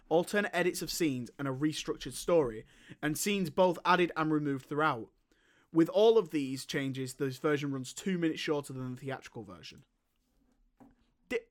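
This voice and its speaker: A young man, co-hosting a casual film chat, rambling and swearing with lots of restarts. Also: fairly high pitch. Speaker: podcast co-host.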